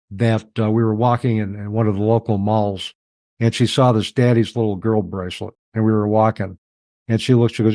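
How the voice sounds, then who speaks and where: Middle-aged man, low voice, dry close sound; reflective, halting interview guest. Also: dark tone, no echo. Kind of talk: personal storytelling in an interview.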